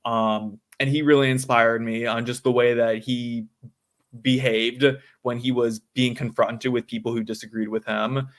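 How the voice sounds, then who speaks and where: A man's voice: mid-range voice, little pitch movement, normal speed. A nineteen-year-old man, a guest in a casual interview, talking with many ums and likes. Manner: filler-heavy, says "um" and "like" a lot. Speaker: guest, student activist.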